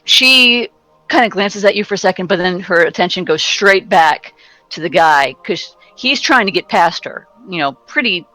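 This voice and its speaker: A woman's voice: lowish voice, animated, pushed and bright, no echo, soft background music, low-quality recording. Casual woman game master. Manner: casual, halting narration with fillers. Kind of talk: narrating a tabletop game.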